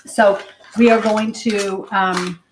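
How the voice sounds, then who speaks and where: Woman hosting a hurried kitchen demo. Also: medium pitch, fairly even intonation, a little hiss or hum. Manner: hurried, chatty, thinks out loud. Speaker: cooking show host. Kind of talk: live cooking demonstration. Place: home kitchen. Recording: roomy kitchen with clattering dishes.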